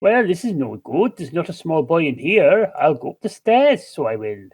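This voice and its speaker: A man's voice: a little high, sing-song, moderate pace, darkish tone, husky, exaggerated voice. An older man doing a chatty Welsh gnome. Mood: earnest. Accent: put-on Welsh. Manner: ends sentences with "so it is". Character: chatty cheerful male gnome artificer adventurer. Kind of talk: in-character tabletop play.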